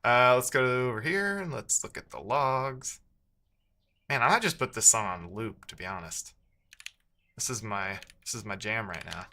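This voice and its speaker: Guy live-coding on stream, talks to himself a lot, bright voice. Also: medium pitch, animated, moderate pace, a little hiss or hum. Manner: muttering self-talk with playful asides. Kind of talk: thinking aloud while coding, chatting with viewers.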